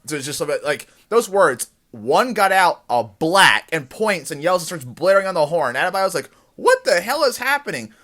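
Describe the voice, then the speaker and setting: A man hosting a TV after-show, giving a casual, excited recap of an episode and acting out the characters' lines as he goes. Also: on the high side.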